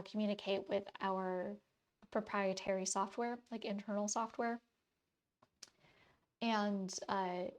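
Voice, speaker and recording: A woman in her thirties with a faint Wisconsin accent, chatting casually with her stream audience while drawing, rambling with lots of fillers. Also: mid-range voice. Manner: rambling, many fillers and restarts.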